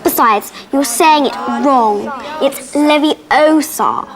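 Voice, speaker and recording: An actress playing a bossy, sassy know-it-all schoolgirl witch, correcting others slowly and pointedly, heard in a film clip with audience noise. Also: high voice, music in the background.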